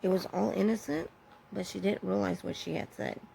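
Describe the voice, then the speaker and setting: A woman telling a personal story in a candid, halting way, pausing and correcting herself as she goes. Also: medium pitch, fairly even intonation, vocal fry, mellow, slight background noise, low-quality recording. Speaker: vlogger sharing her own story.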